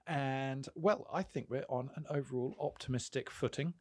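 Man from hampshire, podcast host, chatty, laughs a lot, mid-pitched. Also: normal speed, breathy edge, no room sound, clean studio sound. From Hampshire, England. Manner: chatty, laughs often, rambling with fillers. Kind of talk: casual chat.

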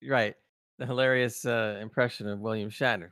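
A man's voice: medium pitch, brisk, fairly bright tone, no echo. Enthusiastic man on a dry mic. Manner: enthusiastic, laughing often. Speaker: podcast co-host. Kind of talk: casual TV review chat.

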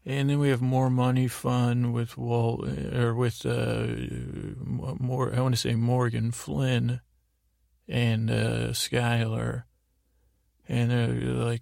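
A man drifts through a bedtime recap in a low-key, meandering way, stopping often for ums and restarts. His voice is thick with gravelly fry and stays flat in pitch. The sound is dry and close. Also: dry recording. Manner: meandering and slow, with frequent ums and trailing restarts. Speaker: sleep podcast host. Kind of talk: rambling bedtime recap of a TV episode.

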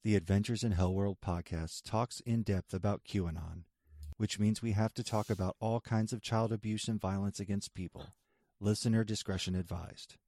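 A man voicing a grave, deep-voiced male announcer who reads a solemn warning. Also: fairly even intonation, normal speed, warm tone, no room sound, clean studio sound, lightly acted.

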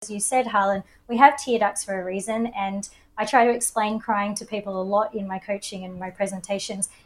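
A woman's voice: mid-range voice, steady tone, brisk, low-quality recording. An Australian woman coach speaks as a podcast guest in a mid-range voice. She explains with confident enthusiasm and an easy flow. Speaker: coach and presenter.

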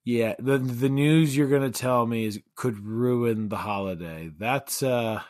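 A man's voice: medium pitch, unhurried, a little mellow, no echo, clean studio sound. A man co-hosting a podcast, chatting casually about a film with rambling, joking remarks and many restarts. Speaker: podcast co-host. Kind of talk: casual film review chat.

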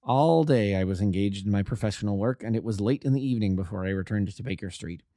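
A man narrating a classic detective story aloud as an amateur audiobook reader, with a steady, even delivery. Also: fairly low pitch, quick pace, no room sound, clean studio sound.

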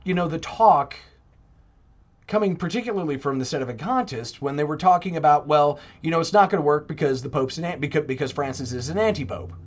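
A man talking in a casual podcast monologue, animated and putting on mock voices when he quotes others. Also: fairly high pitch, fairly quick, highs cut off. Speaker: Catholic podcaster.

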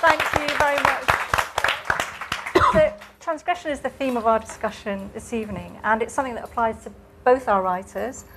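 A woman's voice: fairly high pitch, moderate pace, crowd noise, noisy background. A woman moderating a panel discussion, thoughtful and a little hesitant, laughing easily. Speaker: event moderator.

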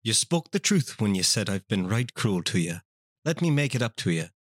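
Sly little leprechaun woman, Irish brogue, lively low voice, dry sound. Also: normal speed, dry recording. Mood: sultry. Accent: put-on Irish. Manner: playful brogue, laughs through lines. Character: cheeky bawdy female leprechaun, small and sly. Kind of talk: comedic dramatic reading.

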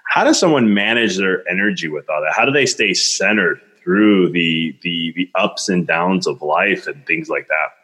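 A man hosting an interview, asking curious, soft-spoken questions. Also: sits low, moderate pace, few pauses, breathy edge. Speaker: podcast host.

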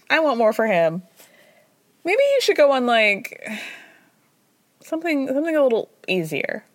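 A woman's voice: high voice, sing-song, moderate pace, long pauses, dry recording. Chatty, gossipy woman podcast host. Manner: chatty, gossipy, wry, laughs often. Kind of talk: casual reality-TV recap chat.

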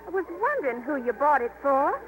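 An actress playing a jealous, teasing young woman, coy and sharp-tongued, in a 1950s radio drama. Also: sits high, very animated, a little fast, poor audio. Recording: hissy 1950s radio broadcast.

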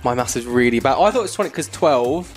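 A man's voice: mid-range voice, expressive, quick pace, faint music behind. Chatty young man, laddish. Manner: chatty, laddish, swears freely. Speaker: podcast co-host. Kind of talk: casual chat.

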